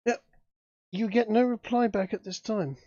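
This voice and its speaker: A man narrating a tabletop game as game master, halting with many fillers. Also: high-pitched, fairly even intonation, mellow, no room sound. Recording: dull lo-fi dry sound.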